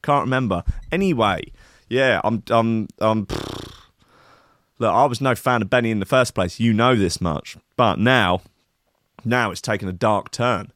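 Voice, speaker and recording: A man's voice: on the low side, unhurried, fairly bright tone, dry recording, clean studio sound. A man hosting a show, reading a news story aloud and ranting about it in a sweary, sardonic, mock-outraged way. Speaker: radio show host. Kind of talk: comic rant reading news.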